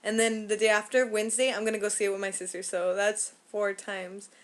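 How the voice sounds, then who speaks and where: A woman's voice: mid-range voice, little pitch movement, brisk. A teenage girl reviewing a movie in casual chat, gushing and rambling with lots of fillers.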